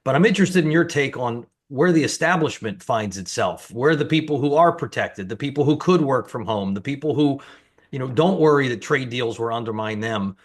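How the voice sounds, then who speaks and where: A man's voice: medium pitch, lively intonation, a little fast. A man hosting an interview, asking long, thoughtful questions in a conversational way. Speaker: host.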